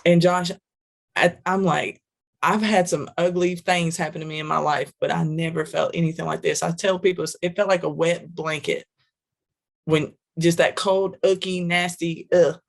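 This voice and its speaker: A woman's voice: fairly low pitch, fairly even intonation, normal speed, vocal fry. A woman telling a personal story in a podcast interview, vivid, repetitive and emphatic. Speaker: guest, trucking wellness business owner.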